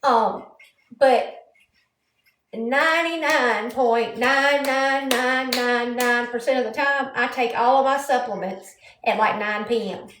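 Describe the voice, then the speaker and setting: High-pitched woman host, rambling casual chat, roomy sound. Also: slow pace, a bit bright, slight background noise. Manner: chatty, yawning, rambling. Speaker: livestream host. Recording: roomy echo.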